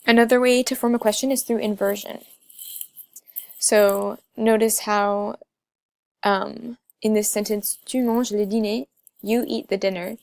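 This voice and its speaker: Young woman, student presenter, gravelly tone, dry close mic, explains slides with many ums. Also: medium pitch, darkish tone, no room sound.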